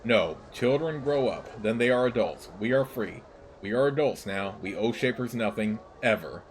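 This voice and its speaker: A man voicing an old, bitter female servile rebel leader, speaking slowly in halting, broken phrases. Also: mid-range voice, expressive, a little hiss or hum, close to an everyday voice. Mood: defiant.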